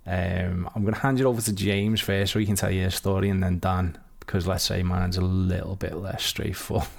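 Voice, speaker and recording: A man hosting a casual sports podcast, chatty and quick to laugh. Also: deep voice, steady tone, creaky. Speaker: podcast host. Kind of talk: casual chat.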